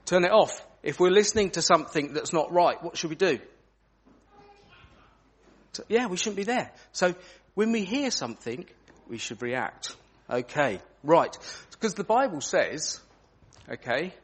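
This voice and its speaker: A man's voice: fairly high pitch, moderate pace, breathy edge. A man leading an interactive children's talk in church, asking the children questions as he goes. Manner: animated, asks children questions.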